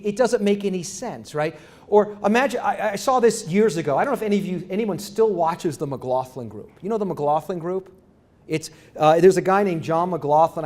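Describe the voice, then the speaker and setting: High-voiced man giving a halting lecture. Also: darkish tone. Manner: halting, many restarts and fillers, conversational; asks the audience rhetorical questions. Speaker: university professor, guest lecturer. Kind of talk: academic lecture.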